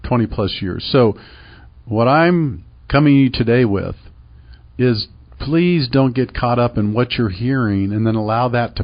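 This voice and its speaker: A man's voice: medium pitch, dull audio. A middle-aged man hosting a radio show about real estate, talking in an emphatic, persuasive way that repeats points and asks rhetorical questions. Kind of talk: call-to-action radio talk.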